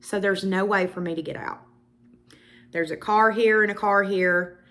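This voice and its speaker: A beauty vlogger, young and with a Southern US accent, casually tells her viewers a personal story with emphatic asides. She keeps a steady tone at medium pitch and a moderate pace, sounding fairly bright.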